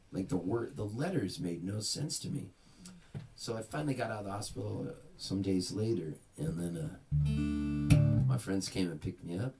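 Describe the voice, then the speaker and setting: A man's voice: low voice, recorded from a distance, slight background noise. A man telling comic stories to a small audience at a private house party, acting out the people in his tales. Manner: animated, acts out the voices in his stories. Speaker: singer-songwriter performing a house concert. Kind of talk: live comic storytelling between songs.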